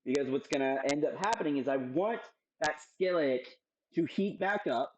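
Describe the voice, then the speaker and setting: Playful young male cooking host, slightly high voice, loose and profane. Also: expressive, normal speed, rough recording. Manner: playful, joking, swears freely. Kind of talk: casual cooking demo.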